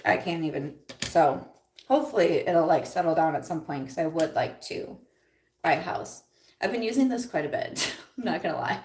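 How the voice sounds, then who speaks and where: A woman's voice: mid-range voice, creaky, distant mic. A young woman chatting casually in a livestream while doing her makeup, rambling with lots of fillers and nervous laughs. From Iowa. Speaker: beauty vlogger. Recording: roomy echo, voice a little off mic.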